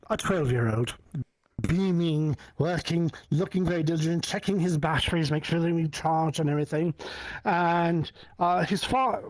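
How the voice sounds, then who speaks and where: A man hosting a talk show and telling a personal story in a casual, animated way, acting out the dialogue. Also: a little high, no echo. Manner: animated, acts out dialogue with many restarts.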